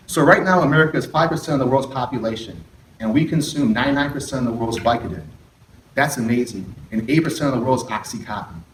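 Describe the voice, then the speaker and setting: A man's voice: mid-range voice, slight background noise. A middle-aged man, a therapist, giving a candid addiction recovery talk to an audience, often throwing questions at the room and adding sarcastic asides. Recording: roomy hall picked up from a distance.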